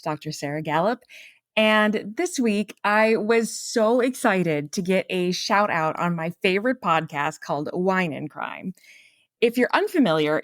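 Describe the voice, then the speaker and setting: A woman hosts her podcast in scripted narration, chatty and self-deprecating, slipping in laughing asides. Her voice sits at an ordinary middle pitch. The sound is dry and close, with no room echo. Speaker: podcast host.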